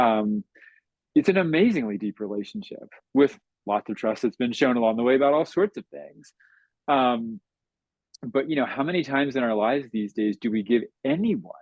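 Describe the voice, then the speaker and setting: A man's voice: mid-range voice, a little mellow, dry recording. Reflective middle-aged man, dry dull sound. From United States. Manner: reflective, measured, with frequent "you know". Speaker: guest. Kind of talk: conversational interview.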